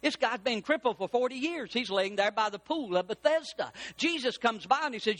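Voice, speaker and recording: High-voiced preacher guy, bright sharp tone, repeats stuff and gets loud. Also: expressive, quick pace, few pauses. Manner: emphatic, repetitive, building to shouts. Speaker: pastor. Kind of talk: sermon.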